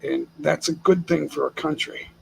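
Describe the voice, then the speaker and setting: A man's voice: fairly high pitch, fairly even intonation, moderate pace, gravelly, a little hiss or hum, low-quality recording. An older man from the United States hosting a casual live stream chat from home, speaking bluntly and with opinions, chuckling often.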